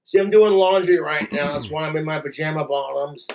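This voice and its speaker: A man's voice: a little high, fairly quick, a little mellow, slight background noise. A man chatting casually at home, crude and laughing between lines. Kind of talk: casual stream chat.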